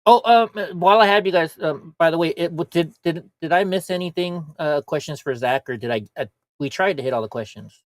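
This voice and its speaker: A man's voice: a little high, fairly quick, no room sound. A man co-hosting a casual livestream chat, telling rambling, profane stories. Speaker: livestream co-host. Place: lives in California.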